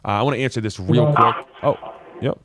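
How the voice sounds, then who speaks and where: A young adult man hosting a live call-in show, breaking down football film in a casual, animated way. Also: mid-range voice, fairly quick. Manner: casual, animated, voices players' thoughts. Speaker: host.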